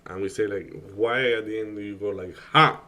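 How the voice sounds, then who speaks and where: A man's voice: fairly low pitch, fairly even intonation, brisk, fairly bright tone. A man whose first language is Spanish, chatting casually on a live stream, rambling with many fillers and restarts. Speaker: day trading streamer.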